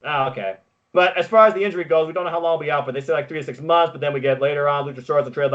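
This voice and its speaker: A man co-hosting a podcast, recapping wrestling in casual chat with excitable, quick play-by-play. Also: fairly high pitch, dull audio. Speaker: podcast co-host.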